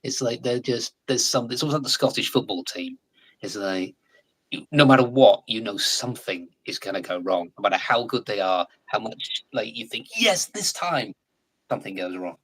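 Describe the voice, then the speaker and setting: An English man in his forties, a guest in a casual live chat, talking in a chatty, animated way and laughing often. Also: lowish voice, a little fast, slightly rough, poor audio. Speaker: guest actor.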